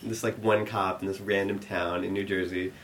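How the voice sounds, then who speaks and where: A young man telling a rambling story to an audience, full of fillers, growing animated and laughing as it builds. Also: low-pitched, normal speed, slight background noise.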